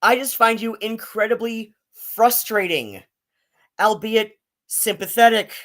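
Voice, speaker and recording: A man's voice: high voice, slow pace, fairly bright tone. A man hosting a casual live-stream commentary, rambling and swearing, with many fillers and restarts.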